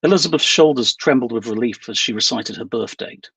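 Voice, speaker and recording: A man, an author, reading aloud from his own novel in a steady, measured way. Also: mid-range voice, vocal fry, breathy edge, no echo, low-quality recording.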